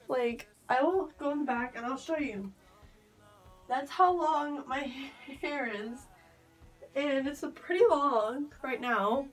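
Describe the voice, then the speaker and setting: A young woman vlogging casually to camera, rambling and giggling nervously as she talks. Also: sits high. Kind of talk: casual vlog chat.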